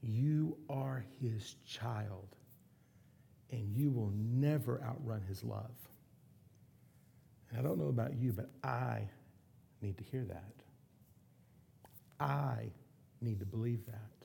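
A middle-aged man preaching a sermon, earnest, slowing down and going soft to drive points home. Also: medium pitch, vocal fry. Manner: earnest, slows and softens for emphasis. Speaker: pastor.

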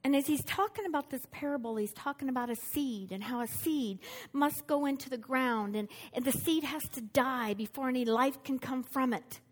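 A woman preaching in an animated storytelling way, often turning to ask her listeners questions. Her voice sits high and has a husky, breathy edge. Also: moderate pace, hardly any pauses. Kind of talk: sermon.

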